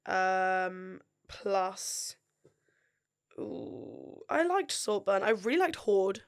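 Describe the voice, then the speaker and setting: Relaxed woman podcast co-host. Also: medium pitch, extremely slow. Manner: relaxed, trailing off into fillers. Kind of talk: casual chat.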